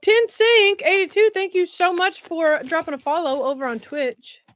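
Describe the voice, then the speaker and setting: A woman's voice: extremely high pitch, expressive, moderate pace, a bit bright. A woman, chatting casually on a livestream and reacting to viewer comments while unboxing. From West Tennessee, US. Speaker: livestream host. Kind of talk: casual live-stream chat.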